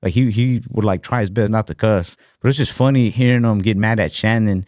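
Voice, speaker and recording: A young man with a lowish voice tells long, meandering anecdotes on a podcast, peppered with swearing and voiced quotes. The sound is close and dry, with no room around it. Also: brisk, no echo. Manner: rambling, profane, animated anecdotes with voiced quotes. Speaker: podcast co-host. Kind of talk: casual storytelling chat.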